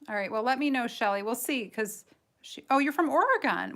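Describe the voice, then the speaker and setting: A woman's voice: on the high side, expressive, a little fast, a bit bright. A woman with a light Michigan accent and a slightly nasal voice hosts a casual coloring livestream. She rambles, giggles, and pokes fun at herself while explaining each step. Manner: chatty, giggly, self-deprecating, rambling. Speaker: livestream host and coloring artist.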